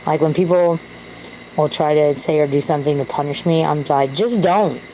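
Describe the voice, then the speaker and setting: A woman's voice: deep voice, fairly even intonation, brisk, warm tone, a little hiss or hum, rough recording. A woman talking to camera in a candid, self-deprecating, rambling way. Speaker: vlogger. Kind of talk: casual rambling monologue.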